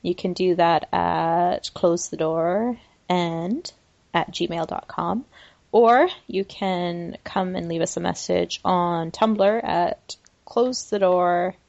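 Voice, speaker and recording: A woman hosting a casual podcast chat, breezy and quick to laugh, running the segments. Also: on the low side, steady tone, vocal fry, a little mellow, no echo, dull audio. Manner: breezy, laughing, runs the show. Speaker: podcast host.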